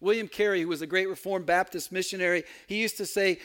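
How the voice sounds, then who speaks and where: A man's voice: sits high, fairly even intonation, fairly quick, few pauses, a bit bright. A man preaching a sermon, reading scripture aloud with earnest emphasis, small stumbles and wry asides. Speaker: pastor.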